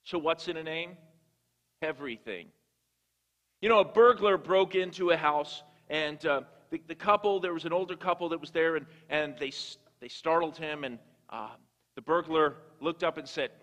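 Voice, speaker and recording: A man's voice: on the high side, moderate pace, a bit bright. A man preaching a sermon, telling stories and often repeating words as he restarts. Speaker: guest preacher. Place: church sanctuary. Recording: long church hall reverb.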